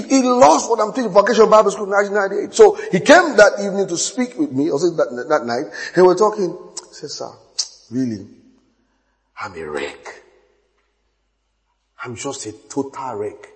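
A male pastor delivers a sermon in a high, very lively voice that swings up and down. He laughs often and repeats phrases over and over. The sound carries the long reverb of a large hall.

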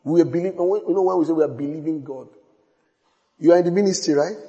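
A middle-aged man preaching in a high, ringing voice that lingers in a long hall echo. He repeats lines for emphasis, swings between soaring shouts and near-whispered asides, and tells his stories with exuberance. It sounds like a live sermon in a big reverberant space. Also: fast, lo-fi sound. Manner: exuberant, repetitive storytelling with sudden high shouts and hushed asides. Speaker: pastor.

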